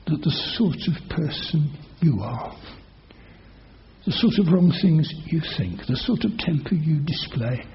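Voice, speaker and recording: Dramatic preacher, man, muffled lo-fi sound. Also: fairly high pitch. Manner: dramatic storytelling, rising loud for quoted oaths. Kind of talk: sermon. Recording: dull lo-fi recording.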